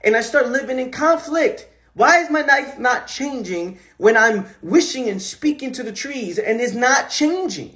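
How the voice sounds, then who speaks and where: Guy with a high voice doing a rambling pep talk on a phone live stream, repeats himself a lot. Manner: emphatic, repetitive, rambling. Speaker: host. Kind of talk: casual motivational talk on a social media live stream.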